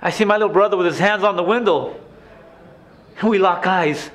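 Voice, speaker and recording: A man's voice: high voice, brisk. A man playing a haunted ex-inmate. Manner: emotional, swings from hushed to shouting. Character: grown man, former abused son, intense and haunted. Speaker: stage actor playing an inmate. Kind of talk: theatrical stage monologue.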